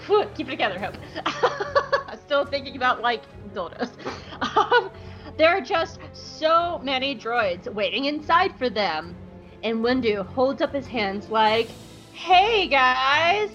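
A woman's voice: sits high, very animated, a little slow, a bit bright, muffled recording, faint music behind. A woman co-hosting a podcast, giggling and joking through a casual episode recap. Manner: giggly, jokey, doing voices. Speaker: podcast co-host.

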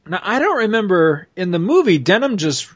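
A man's voice: sits high, sing-song, moderate pace, slightly rough. A man in casual chat, animatedly retelling a comic story and laughing often.

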